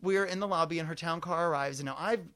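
A man co-hosting a podcast, telling animated anecdotes in casual chat, full of fillers. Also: fairly high pitch, fast talker. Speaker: podcast co-host.

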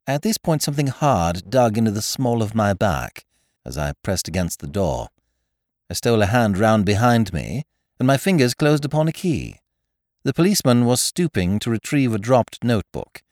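A man narrating a story in an expressive, animated reading on a close microphone. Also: lowish voice, moderate pace, no echo. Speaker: podcast narrator.

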